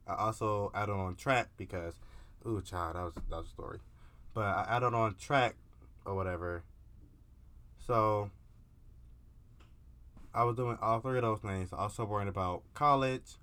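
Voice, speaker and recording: A man's voice: on the low side, fairly bright tone. A young man vlogging in a candid, casual confessional monologue, profane and peppered with filler words.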